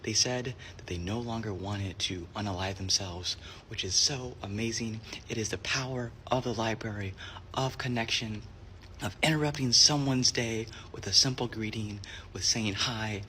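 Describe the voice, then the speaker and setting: A male librarian with a lowish, sharp-toned voice tells heartfelt stories in an earnest monologue at a moderate pace, sometimes dropping to a whisper. There's a little hiss or hum in the recording.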